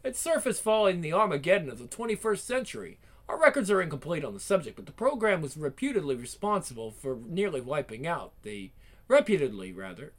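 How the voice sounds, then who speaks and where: A man voicing a small, pedantic know-it-all robot in a one-man game fan dub. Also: fairly high pitch. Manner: pedantic, reciting definitions.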